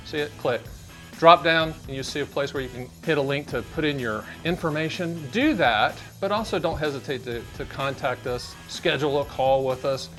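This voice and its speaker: A man's voice: a little high, sharp tone. Joking man hosting a finance vlog. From Southern United States. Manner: jokey, chatty, salesy, addresses the viewer directly. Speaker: annuity advisor and show host. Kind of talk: direct-to-camera explainer vlog.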